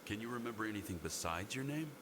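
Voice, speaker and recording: An actor playing a lazy, wry school doctor who talks in a dry, teasing way in a video game. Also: male voice, lowish voice, animated, fast talker, fairly bright tone, a little hiss or hum.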